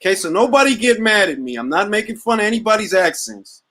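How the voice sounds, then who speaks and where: A man's voice: high voice, big pitch swings, fast talker, sharp tone, low-quality recording. A man hosting a boxing talk livestream, joking around in casual slang and repeating catchphrases. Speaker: boxing talk show host.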